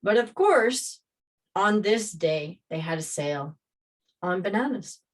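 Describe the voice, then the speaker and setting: A woman casually telling a personal story, rambling and animated as she re-enacts scenes. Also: mid-range voice, takes it slowly.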